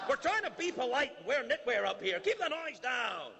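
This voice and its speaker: A Scottish man voicing a prissy Canadian neighbor who nags slowly about the noise, in a raised pitch. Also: sing-song, vocal fry, pushed and bright, heavily acted. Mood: nagging. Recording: long reverb of a large banquet hall.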